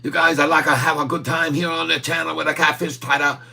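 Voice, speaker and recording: A man's voice: medium pitch, fairly even intonation, a little slow, bright, forceful tone, pitched above the performer's own voice. A man putting on a clowning broken-English voice, with exaggerated grammar and giggles. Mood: playful.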